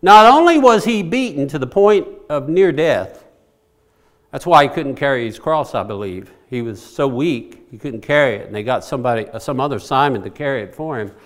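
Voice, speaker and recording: A man's voice: mid-range voice, lively intonation, moderate pace. A man preaching a sermon, who repeats his key phrases and puts questions to the congregation. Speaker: pastor.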